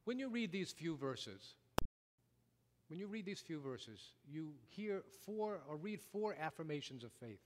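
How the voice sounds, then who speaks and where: A man's voice: a little high, sing-song, measured pace, very noisy. Man preaching in an echoing hall. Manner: dramatic storytelling, wide swings from loud to hushed. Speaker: pastor. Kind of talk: sermon. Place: church sanctuary. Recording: long reverb of a large hall.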